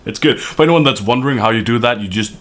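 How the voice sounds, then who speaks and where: A man's voice: mid-range voice, fast talker, fairly bright tone. A man, an esports caster, joking and laughing with his co-caster while they wait on a match. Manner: jokey, laughing banter. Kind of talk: casual chat between matches.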